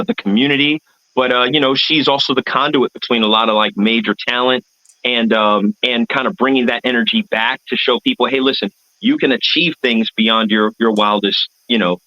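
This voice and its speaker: A man's voice: medium pitch, no room sound, dull audio. A man from the United States, an artist and event MC, telling his story as a guest in an earnest, rambling, reflective way. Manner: rambling, earnest, searching for words.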